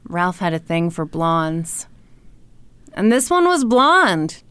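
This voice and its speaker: A woman co-hosting a podcast, telling a story with playful teasing and dramatic pauses. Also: on the low side, very animated, a bit bright, clean tone, no room sound. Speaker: podcast co-host. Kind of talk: comedic storytelling.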